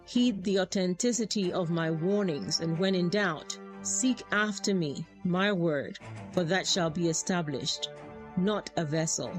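A woman's voice: fairly low pitch, unhurried, music in the background. A woman delivering a prophetic message in a stern, commanding way.

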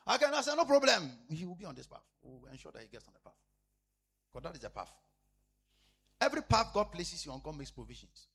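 A man preaching a sermon as a pastor, repeating phrases emphatically and swinging between loud declarations and hushed asides. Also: fairly high pitch, sing-song, quick pace, creaky, long pauses, husky.

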